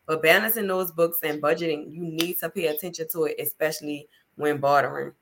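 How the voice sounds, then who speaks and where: A woman hosting a casual podcast conversation, her voice sitting a bit low. She talks in an emphatic, chatty, motivational way, leaning into her points. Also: fairly even intonation, a little fast, a little hiss or hum. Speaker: podcast host.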